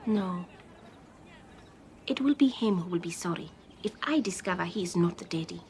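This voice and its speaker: A woman playing a cheerful, kindly middle-aged woman detective, speaking in warm, formal, teasing phrases. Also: mid-range voice, a little fast, a little hiss or hum, close to an everyday voice. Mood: sympathetic, firm.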